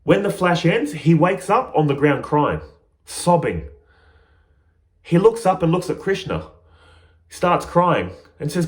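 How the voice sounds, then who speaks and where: Animated man telling a parable. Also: fairly high pitch, measured pace, pauses often. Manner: animated, emphatic storyteller. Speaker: spiritual teacher. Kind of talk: storytelling teaching talk. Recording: roomy echo.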